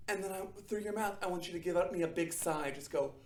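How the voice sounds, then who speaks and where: A young adult man teaching children a drama warm-up, upbeat and encouraging, checking in often. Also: sits high, quick pace, few pauses, echoey room, slight background noise. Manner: upbeat, encouraging, frequent "okay?" check-ins. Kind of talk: guided acting warm-up for children.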